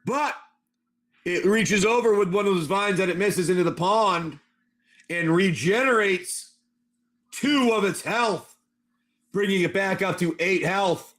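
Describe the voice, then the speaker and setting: High voiced guy running a tabletop game on stream, super animated, calling out rolls. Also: slow pace, long pauses. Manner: animated and excitable. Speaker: game master. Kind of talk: livestream tabletop game narration.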